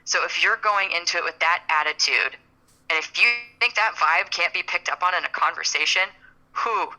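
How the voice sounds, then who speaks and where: A young woman co-hosts a podcast in loose, rambling conversation, often trailing off and stammering as she hunts for the right words. Her voice sits a little low but has a very bright, ringing edge. She keeps the chat relaxed and talkative. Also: normal speed, rough recording. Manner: chatty, rambling, stammers when searching for words. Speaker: podcast co-host. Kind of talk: casual chat.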